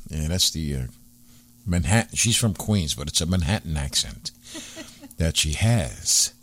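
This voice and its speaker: Lively chatty New radio host. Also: male voice, extremely low pitch, a little slow, breathy edge. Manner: animated, chatty, many fillers. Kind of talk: casual radio chat.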